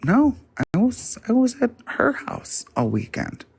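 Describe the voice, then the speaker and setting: A man mimicking his adult younger sister in a high, insistent voice as she denies everything. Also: wildly swooping pitch, a little slow, gravelly, husky, exaggerated voice. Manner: squeaky, insistent denials. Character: exasperated younger sister, adult woman, defensive.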